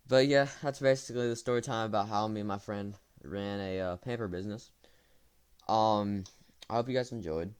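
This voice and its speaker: Low-voiced young man telling a story. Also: a little fast, clear, resonant tone. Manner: rambling, with fillers and self-corrections. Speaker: storytime vlogger. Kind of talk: casual storytelling.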